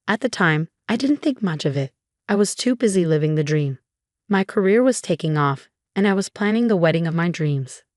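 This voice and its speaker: A young adult woman narrating a scripted first-person story in an even, conversational way. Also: on the low side, moderate pace, no room sound, studio quality.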